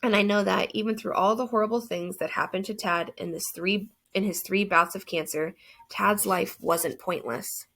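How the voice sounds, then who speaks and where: A woman's voice: mid-range voice, fairly even intonation, moderate pace, gravelly, a bit bright. A woman reading a first-person novel aloud as an audiobook narrator, earnest and reflective.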